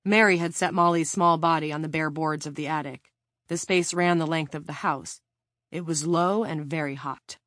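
A woman with a somewhat low voice narrates a novel in a steady, measured way. The recording is dry, with no room sound. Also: dry recording. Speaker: audiobook narrator. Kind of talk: scripted narration.

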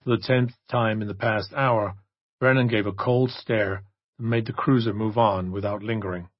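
Male audiobook reader, husky, steady, dull dry close recording. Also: on the low side, normal speed, dry recording. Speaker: audiobook narrator. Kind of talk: scripted narration.

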